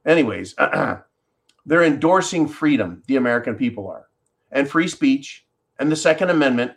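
Brief: male podcast host, middle-pitched voice, casual monologue, swears freely, blunt storyteller. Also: lively intonation, moderate pace, vocal fry. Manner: blunt, profane, riled-up storytelling.

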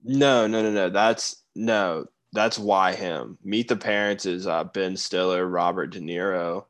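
A man's voice: deep voice, fairly even intonation, unhurried. A young man co-hosting a podcast in casual chat, laid-back and laughing often. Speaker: podcast co-host.

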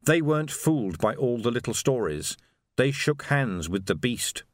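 Expressive male audiobook narrator. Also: mid-range voice, moderate pace, no room sound, clean studio sound. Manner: expressive, animated storytelling. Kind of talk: scripted narration.

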